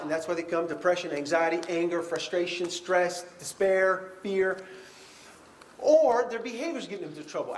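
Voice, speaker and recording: A man teaching a counseling class in a high, bright-pitched voice that swoops up and down as he talks. He keeps it conversational and animated, slipping into quoted voices to act out examples. The room is echoey around him. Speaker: pastoral counseling lecturer. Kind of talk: classroom lecture.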